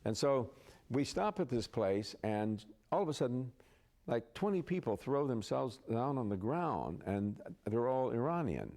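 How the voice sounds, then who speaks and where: A man's voice: medium pitch, sing-song, measured pace, a little mellow. A man, an actor, telling anecdotes as an interview guest in a chatty raconteur manner, laughing through his stories. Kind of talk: anecdotal storytelling.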